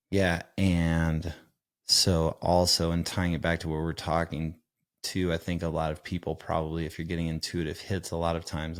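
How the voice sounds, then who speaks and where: A man in his forties co-hosting a podcast, chatting casually and telling rambling stories full of fillers. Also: low voice. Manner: relaxed, rambling storyteller with many fillers. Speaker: podcast co-host. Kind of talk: casual chat.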